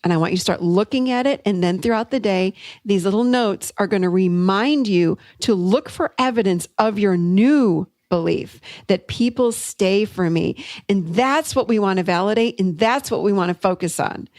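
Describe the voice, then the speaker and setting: A middle-aged woman hosting a podcast, telling a coaching story in an upbeat, animated way. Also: mid-range voice, normal speed, no room sound. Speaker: podcast host and therapist. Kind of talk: solo teaching talk.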